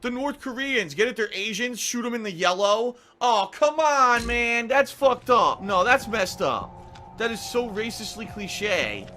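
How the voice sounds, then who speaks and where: Man, indignant game reactions, high voice, loud game music. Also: very animated, unhurried. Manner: indignant, exclaiming, repeating himself. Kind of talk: gaming reaction commentary.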